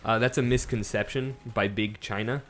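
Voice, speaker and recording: A man co-hosting a casual gaming livestream, cracking deadpan absurd jokes. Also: fairly low pitch, moderate pace, a crowd in the background. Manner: joking, deadpan absurd bits. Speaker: livestream co-host.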